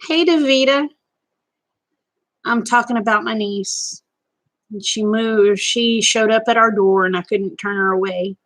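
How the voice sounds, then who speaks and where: A woman's voice: medium pitch, fairly bright tone. A woman chatting casually with viewers on a live stream, folksy and talkative. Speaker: vlogger.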